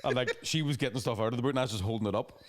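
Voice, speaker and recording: A man's voice: mid-range voice, a little hiss or hum. A man, telling rambling, sweary stories as a podcast co-host in casual chat. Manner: fast, sweary storytelling with laughing asides.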